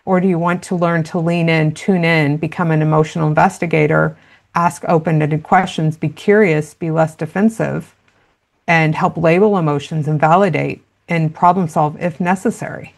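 A woman's voice: sits low, fairly even intonation, moderate pace, creaky. A woman guest in a conversational interview, explaining parenting in an earnest, practical way and acting out little quoted exchanges.

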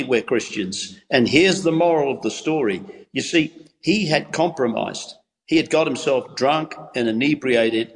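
An English man preaches a devotional, leaning on repeated phrases and a steady, preacherly rhythm. His voice carries a long reverb, as if heard in a large, echoing space. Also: fairly high pitch, normal speed. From England. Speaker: pastor and evangelist. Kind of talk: devotional talk on a Christian TV show.

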